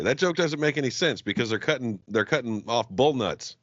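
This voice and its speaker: A man's voice: mid-range voice, lively intonation, a little fast, no room sound, highs cut off. A man co-hosting a comedy podcast, brash and profane, trading crude jokes. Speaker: podcast co-host.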